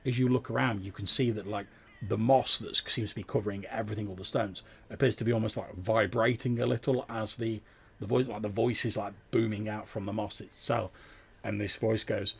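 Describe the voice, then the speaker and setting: A man's voice: on the low side, steady tone, a little fast, creaky, slightly rough. A man narrating as game master in a tabletop game, describing scenes loosely with many fillers and restarts.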